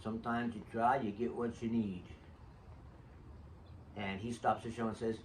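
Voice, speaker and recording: Recorded on a distant mic with faint noise behind him, an older vlogger rambles through personal stories about old ticket stubs he has kept. He's chatty and jokey and keeps drifting off topic. His pitch is fairly low, his intonation fairly even, and his speed normal.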